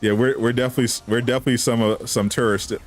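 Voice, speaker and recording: A man's voice: medium pitch, fairly even intonation, rapid-fire, soft background music. A man chatting casually on a live stream, answering viewers with teasing banter and frequent laughs. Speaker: gaming streamer.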